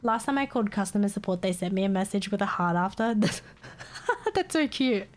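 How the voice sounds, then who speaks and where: A woman's voice: mid-range voice, animated, moderate pace. Young aussie woman ranting on stream, laughs a lot, swears, fed up. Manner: exasperated venting, laughs often, swears. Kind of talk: casual chat with stream chat.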